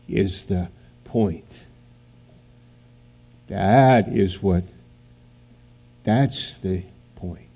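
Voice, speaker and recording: A man preaching a sermon, telling a story in a halting way and then building to loud, emphatic outbursts. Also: low voice, breathy edge.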